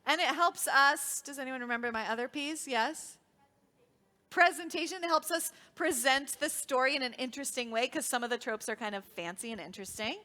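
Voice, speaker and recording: A woman's voice: high-pitched, brisk, sharp tone. A woman leading a children's worship service, cheerfully quizzing the children and teaching them as she goes. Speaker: song leader teaching children. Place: synagogue sanctuary.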